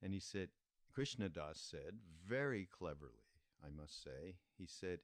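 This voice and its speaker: A deep-voiced older man recounts a memory at an unhurried pace, often pausing on fillers. The sound is dry and close. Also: lively intonation, dry recording. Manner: unhurried, halting with many fillers. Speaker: podcast host. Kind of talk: reflective storytelling.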